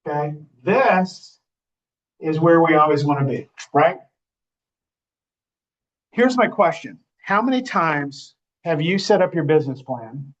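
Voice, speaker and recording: Man, slightly high voice, running a real estate training session, chatty, keeps asking the room "right?", dull muffled recording. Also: animated, unhurried, long pauses. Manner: conversational, checks in with the audience often. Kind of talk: live class talk to a room. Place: classroom or training room with an audience.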